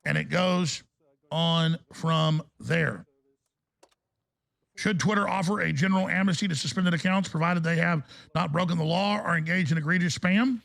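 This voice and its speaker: Gravelly-voiced ranting male radio host. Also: fairly high pitch, moderate pace, a bit bright. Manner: heated, ranting delivery. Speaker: radio talk show host. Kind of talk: talk radio monologue.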